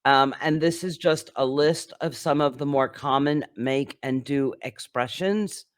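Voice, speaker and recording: A man's voice: medium pitch, unhurried, clear, resonant tone, no echo, studio quality. A man teaching an English grammar lesson, patiently explaining with many examples and occasional fillers.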